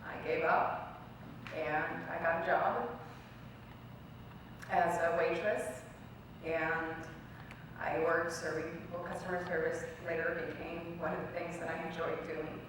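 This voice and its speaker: Speaking a little slowly in a level, lowish voice, a young woman addresses a college event hall as a guest speaker, earnestly sharing her personal story and performing the lines of dialogue she quotes. Background noise and heavy echo come through, since she was recorded from a distance.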